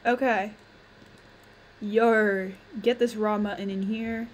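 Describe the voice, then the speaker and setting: A young woman giving casual, chatty commentary on her own gameplay, thinking aloud and quick to exclaim. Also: mid-range voice, steady tone, a little hiss or hum. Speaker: gamer.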